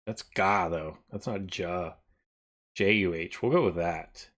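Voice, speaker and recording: Male streamer, unhurried, lowish voice, rambling and thinking out loud to chat. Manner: rambling, thinks aloud, often trails off quieter. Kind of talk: casual live-stream chat.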